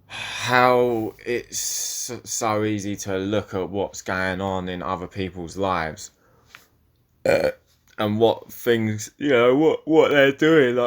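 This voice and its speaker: A young man hosting a solo podcast, rambling and swearing as he talks, often cutting himself off mid-sentence. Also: sits low. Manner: rambling, profane, self-interrupting. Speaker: podcast host.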